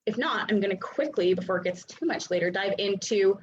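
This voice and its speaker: A woman in her thirties coaching a live online class, chatty and animated, with many fillers. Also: medium pitch, a little fast, a little hiss or hum. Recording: dull lo-fi sound.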